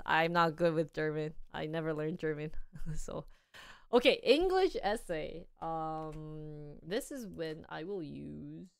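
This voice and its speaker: Lively, smooth-voiced young woman streamer. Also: sits low. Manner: chatty, playful, thinking aloud while trying things out. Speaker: live streamer. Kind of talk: casual live-stream chat.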